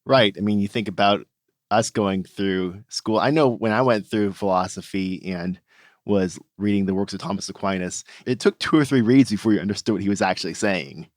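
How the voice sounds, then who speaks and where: A man's voice: on the low side, moderate pace, dry recording, clean studio sound. A man co-hosting a podcast, chatting in a light, friendly way and reading out listener mail. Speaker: podcast co-host. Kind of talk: casual podcast chat.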